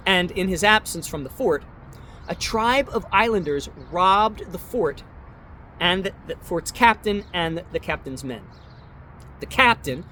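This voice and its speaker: A man's voice: high-pitched, fairly bright tone, a little hiss or hum. A man narrating a history chapter in an earnest, emphatic way, citing his sources as he goes.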